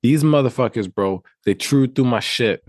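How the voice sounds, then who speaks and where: A man co-hosting a podcast over a video call, ranting in an animated way with lots of swearing. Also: mid-range voice, moderate pace, no room sound, studio quality. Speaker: podcast co-host. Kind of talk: casual chat.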